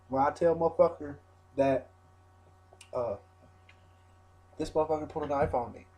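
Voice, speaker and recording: A man's voice: mid-range voice, warm tone, slight background noise, poor audio. A wrestler in a rambling, defiant interview rant, swearing constantly and restarting his sentences.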